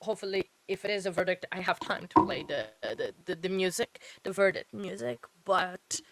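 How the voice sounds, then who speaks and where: A woman's voice: fairly low pitch, animated, normal speed, heavy background noise. A woman hosting a late-night true-crime trial-watch livestream, tired and yawning, chatting casually in a rambling way with many fillers and self-corrections. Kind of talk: casual live commentary.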